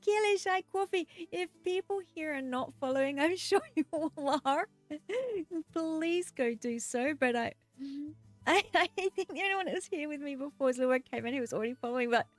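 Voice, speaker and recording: A woman game streamer chatting casually and excitedly with her live viewers while she plays, giggling often. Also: high-pitched, normal speed, soft background music.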